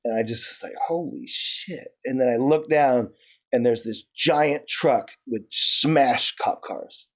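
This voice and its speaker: A man being interviewed, telling stories in a loose, profane, animated way, with lots of restarts and "like". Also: mid-range voice, a little slow. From New York. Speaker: interview guest. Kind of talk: casual storytelling.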